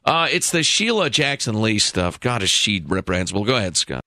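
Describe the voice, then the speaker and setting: A man's voice: on the low side, very animated, fairly quick, bright, forceful tone, no echo, clean studio sound. A man co-hosting a radio talk show, sarcastic and exasperated, mocking what he hears in opinionated banter.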